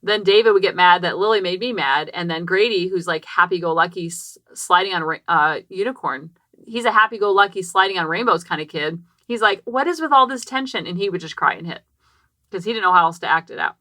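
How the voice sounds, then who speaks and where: Woman, 30s, podcast host, animated storyteller with crisp bright tone, recorded dead-dry in a closet. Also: on the low side, a little fast, no room sound. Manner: chatty and animated, acting out quotes, many "like" fillers. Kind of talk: personal storytelling. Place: small closet. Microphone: podcast microphone.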